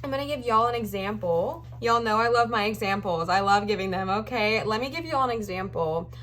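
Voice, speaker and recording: A woman's voice: medium pitch, a little fast, a bit bright, a little hiss or hum. A young woman, a professional tarot reader, talking through a reading in a chatty, reassuring way and often repeating her phrases.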